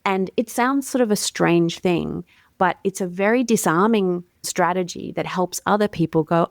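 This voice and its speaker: A woman's voice: on the low side, normal speed, creaky, no room sound, clean studio sound. A woman with an Australian accent, a communications coach speaking as a guest in a conversational podcast interview, articulate and explanatory. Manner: articulate, warm, explanatory with everyday fillers.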